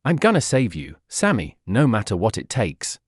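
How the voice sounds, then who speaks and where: Guy doing a scared protective big brother, pleading, shaky, lively pitch, dry close sound. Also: normal speed, breathy edge, no echo, full character voice. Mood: determined. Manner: pleading, shaken. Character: desperate protective older brother, monster hunter.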